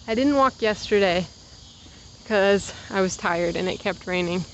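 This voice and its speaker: A woman's voice: medium pitch, normal speed, lo-fi sound, slight background noise. A woman in her twenties chatting casually while walking outdoors, rambling through side stories and a little out of breath. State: slightly out of breath from walking uphill. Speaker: vlogger. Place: outdoors on a walk.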